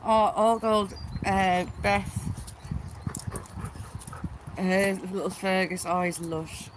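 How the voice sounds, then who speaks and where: A woman's voice: medium pitch, drawn-out words, background noise. A woman chatting casually on a live stream, reading viewer comments and talking bluntly to her dogs at home.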